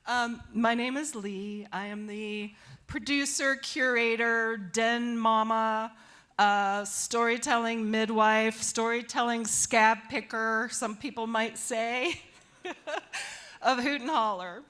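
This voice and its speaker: A woman's voice: on the high side, steady tone, takes it slowly, fairly bright tone. A woman hosting a live storytelling show on a theater stage, talking in a folksy, hesitant way with many fillers, through a stage microphone. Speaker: storytelling show producer and host. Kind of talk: casual live stage talk.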